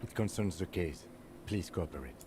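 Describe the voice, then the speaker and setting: A man's voice: sits low, moderate pace. A man voicing a composed, formal police lieutenant in a video game. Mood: calm. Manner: calm, formal and dry. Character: composed, dry-witted male police lieutenant. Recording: game audio with faint noise.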